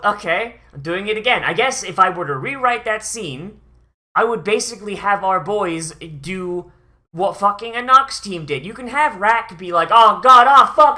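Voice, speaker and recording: Bright sharp voice ranting about an anime, swearing nonstop, sighs a lot. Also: medium pitch. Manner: profane, exasperated, sighing. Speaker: anime reviewer. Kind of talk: ranting watch-along commentary.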